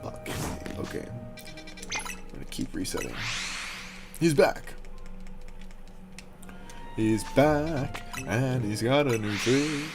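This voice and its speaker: A man's voice: mid-range voice, expressive, takes it slowly, pauses often, music in the background. Rambling, joking young male streamer. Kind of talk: casual livestream chat.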